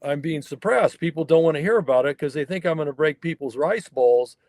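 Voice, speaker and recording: Guy telling a long story over a video call, voice up high for a man, super dry no room sound, acts out the other people. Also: animated, fairly quick, darkish tone, dry recording. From northern California mountains. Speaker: wild horse researcher, guest. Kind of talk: casual storytelling interview.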